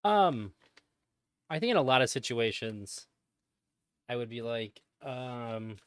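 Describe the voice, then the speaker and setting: A man reviewing a clip on his stream in casual commentary, rambling with many pauses and restarts and laughing often. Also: mid-range voice, very animated, clean tone, no echo, clean studio sound.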